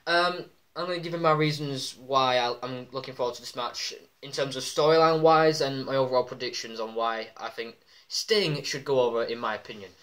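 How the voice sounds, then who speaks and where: A man giving a casual, excitable wrestling commentary vlog, full of ums and acted-out shouts. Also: mid-range voice, fairly quick. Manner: excitable, many ums, acts out quoted shouts. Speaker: wrestling vlogger.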